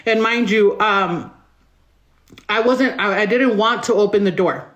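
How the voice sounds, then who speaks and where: A woman's voice: medium pitch, a little slow, a bit bright, muffled recording. A woman telling her own hard story as an interview guest, emotional and rambling, swearing often. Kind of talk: raw personal storytelling.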